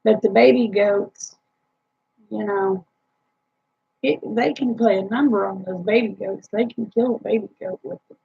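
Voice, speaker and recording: A woman's voice: medium pitch, measured pace, gravelly, husky, muffled recording. A tired woman, rambling chattily to live chat viewers about her homestead with lots of fillers. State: tired, yawning.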